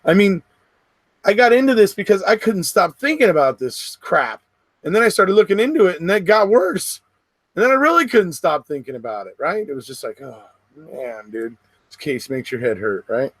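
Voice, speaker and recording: A middle-aged man from the West Coast of the United States hosting a casual livestream, chatting to viewers and rambling with quick laughs between remarks. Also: sits high, big pitch swings, no echo. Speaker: livestream host.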